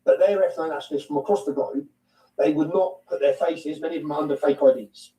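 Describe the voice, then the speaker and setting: A man's voice: a little high, fairly even intonation, fast talker, warm tone, roomy sound, recorded from a distance, poor audio. A man with an English accent, talking bluntly and emphatically as an interview guest, repeating his points and swearing now and then. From England. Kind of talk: heated conversational interview.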